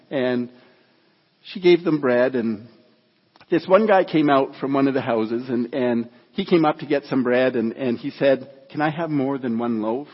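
A man preaching a sermon through a story in an earnest, halting way with many restarts, then reading scripture, recorded dull and echoey in a church hall. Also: mid-range voice, breathy edge.

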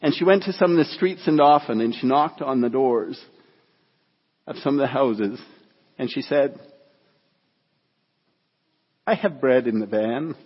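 A man preaching a sermon through a story in an earnest, halting way with many restarts, then reading scripture, recorded dull and echoey in a church hall. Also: mid-range voice, breathy edge.

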